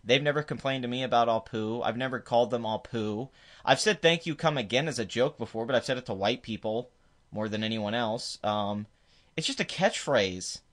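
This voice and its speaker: A man's voice: medium pitch, moderate pace. Man ranting in a dismissive commentary. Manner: emphatic and dismissive, with frequent restarts. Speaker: commentary video host. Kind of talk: opinionated commentary rant.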